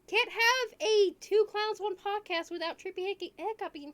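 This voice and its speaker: A woman's voice: very high-pitched, moderate pace, a bit bright. A woman hosting a casual live podcast, speaking earnestly and putting questions to her guests. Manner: earnest, thinks aloud, asks guests questions. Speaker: podcast host. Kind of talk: casual chat.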